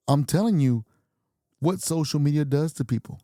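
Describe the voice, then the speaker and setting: This podcast host, a man in his fifties, delivers a swear-heavy monologue at normal speed and chuckles at his own jabs. His mid-range voice has a dark tone, and the studio-quality recording carries no echo.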